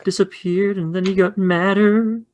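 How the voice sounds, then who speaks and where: A man voicing a soft-spoken, fearful little preschool boy in a tabletop game. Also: high voice, steady tone, moderate pace, dull audio, voice pushed up, lightly acted. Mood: timid. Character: timid little preschool boy who turns invisible.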